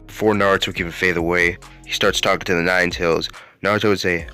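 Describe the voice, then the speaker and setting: A man's voice: low-pitched, fairly even intonation, fast talker, bright, forceful tone, clear, resonant tone, soft background music. A man hosting a YouTube channel and narrating a fan-made anime what-if story in a casual, rambling way. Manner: casual, rambling, with fillers and restarts. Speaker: YouTube host.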